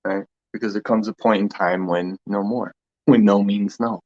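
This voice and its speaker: A man's voice: lowish voice, fairly even intonation, moderate pace, darkish tone. Rambling man in a dull lo-fi recording. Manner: loose and meandering, laughs often, trails off. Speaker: host of a spiritual talk session. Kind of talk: casual rambling spiritual chat.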